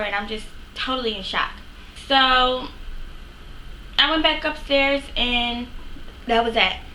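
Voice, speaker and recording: A woman vlogger chatting to her camera, retelling a story in a lively, casual way with plenty of fillers. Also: fairly high pitch. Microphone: camera mic. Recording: echoey room, faint background noise.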